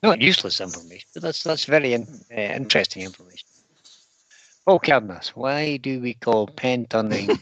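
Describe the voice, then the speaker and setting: A man chats casually through a live stream from his workshop and reads viewer comments aloud as they come in. His voice is bright and forward, and it is recorded close and dry with almost no room sound. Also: medium pitch, expressive, moderate pace, no room sound, dull audio. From United Kingdom. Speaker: woodturning livestream host.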